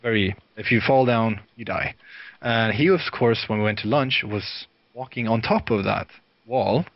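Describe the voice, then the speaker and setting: A man from Sweden, a guest video director, telling lively anecdotes in casual chat and laughing often. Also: on the low side, normal speed, no echo. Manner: lively storyteller, laughs often, many fillers. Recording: dry, dull lo-fi sound.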